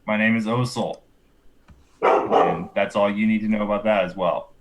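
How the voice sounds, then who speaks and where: A man plays a tabletop game and often speaks in character. His voice is fairly low. He talks in a firm, declarative way. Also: fairly even intonation, moderate pace, a little hiss or hum. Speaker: player.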